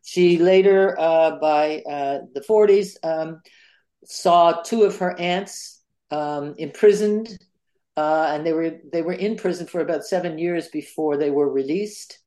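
On a podcast, an older woman who is an author and historian answers interview questions in a low, mellow voice. Her sentences are halting, with many fillers and restarts.

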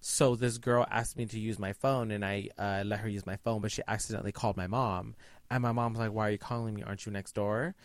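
A young man co-hosting a podcast, chatting casually and reacting with quick gasps. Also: fairly low pitch, fairly even intonation, no room sound. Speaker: podcast co-host. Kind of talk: casual chat.

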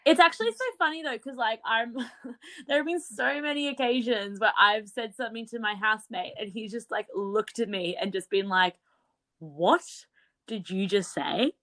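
A woman's voice: fairly high pitch, no echo. A young Australian woman co-hosting a podcast, chatting casually and laughing easily as she tells anecdotes. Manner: giggly, animated, quick to laugh. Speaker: podcast co-host. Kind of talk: casual chat.

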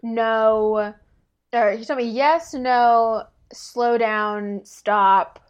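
A woman's voice: a little high, fairly even intonation, very slow, clear, resonant tone, muffled recording. A young woman chatting casually, telling a long story with lots of fillers and frequent laughter. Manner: rambling storyteller, laughs often, many fillers. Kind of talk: casual chat.

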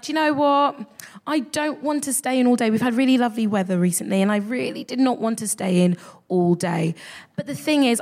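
A woman's voice: mid-range voice, darkish tone. A woman, an actress co-hosting a live comedy podcast, telling chatty stories with giggles. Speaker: guest co-host, actress. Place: live venue stage.

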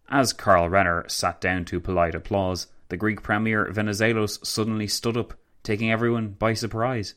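A man reads a scripted story aloud. His voice sits low and measured. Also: flat delivery, a bit bright. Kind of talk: scripted narration.

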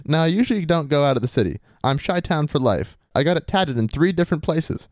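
A male podcast host reads a listener's tale at a rapid clip, slipping into a swaggering, crude bro persona. His voice sits a little high. The sound is dry and close, with no room around it. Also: animated, darkish tone, no echo. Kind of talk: comedic reading of a listener story.

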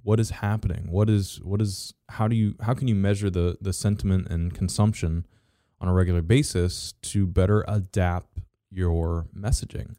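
A man co-hosting a casual business chat, halting with many fillers and restarts, with dry sarcastic asides. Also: low-pitched, steady tone, mellow, dry recording. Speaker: podcast co-host.

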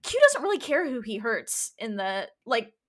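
A woman's voice: fairly high pitch, very animated, moderate pace. A woman talking in a casual chat, rambling and emphatic with many restarts.

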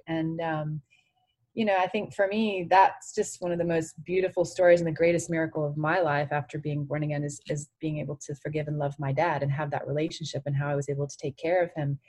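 A woman's voice: low voice, little pitch movement, brisk, a little mellow. A woman in her forties, a guest on an interview podcast, speaking earnestly and from the heart with many "you know"s. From France. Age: 40s. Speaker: interview guest, former tennis champion.

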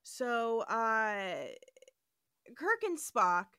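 Woman podcast host, bright and chatty, rather high. Animated recap voice. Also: drawn-out words, clear, resonant tone, no room sound, studio quality. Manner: animated, swearing, acts out dialogue. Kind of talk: casual episode recap.

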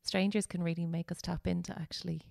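Gravelly, low-voiced woman host. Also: level tone, fast, a little mellow, dry recording, studio quality. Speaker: podcast host. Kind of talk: casual interview chat.

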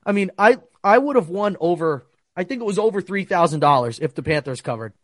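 A young man talks sports bets in a heated, profane rant. His voice sits on the higher side. The sound is dry and close, with no room around it. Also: animated, a little fast, no room sound. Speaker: sports betting podcast host. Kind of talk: casual sports betting talk.

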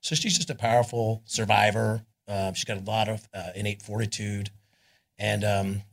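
A middle-aged man with a Californian accent, speaking live on a club stage. His low voice has a husky edge. He rambles through animated stories and jumps into loud voices when he quotes people. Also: normal speed. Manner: rambling, animated storyteller, acts out quotes loudly. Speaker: guest, rock singer. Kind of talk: live on-stage storytelling interview.

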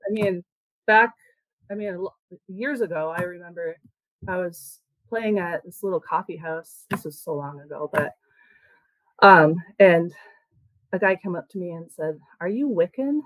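A woman's voice: fairly low pitch, moderate pace, pauses often, dry recording, rough recording. A woman musician talking casually in an interview, chatty and loose, with lots of filler words. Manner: chatty, full of "like" and "you know" fillers. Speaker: musician and band member.

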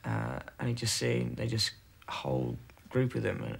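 Gravelly, husky man, halting. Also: mid-range voice, very animated. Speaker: interviewee recalling captivity. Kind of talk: halting personal testimony.

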